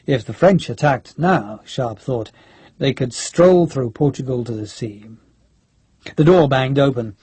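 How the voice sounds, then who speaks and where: Husky-voiced male audiobook narrator. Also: medium pitch, mellow, no echo. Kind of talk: scripted narration.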